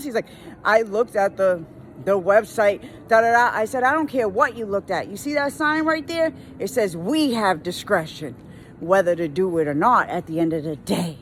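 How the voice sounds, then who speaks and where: A woman's voice: fairly high pitch, animated, normal speed. A woman who works in retail, venting in a casual rant while driving, exasperated and full of slang, mimicking customers as she goes. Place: in a car.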